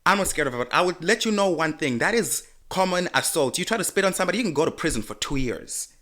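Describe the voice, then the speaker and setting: A young man co-hosting a casual podcast, telling a story in an animated, profane way. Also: on the high side, fast. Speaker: podcast co-host.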